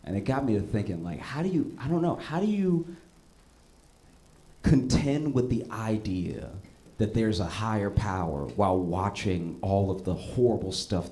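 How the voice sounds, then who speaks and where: A male stand-up comedian telling stories on a comedy club stage, his voice jumping high and loud at the punchlines. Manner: animated storytelling, voice jumps high for punchlines.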